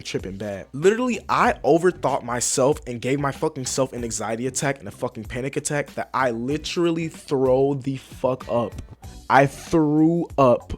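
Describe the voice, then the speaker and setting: A man's voice: mid-range voice, lively intonation, normal speed. A young man telling a personal story in a casual, rambling way. He swears a lot, uses slang and keeps addressing his viewers.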